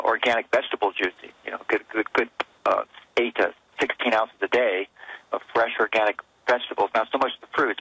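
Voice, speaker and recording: A male physician guest on talk radio who speaks quickly and earnestly, explaining things in detail. His voice is forceful and slightly husky, and it sounds dry and close. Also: lowish voice, dry recording, low-quality recording. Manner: fast, earnest, explanatory, with frequent restarts. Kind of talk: radio interview guest explaining health advice.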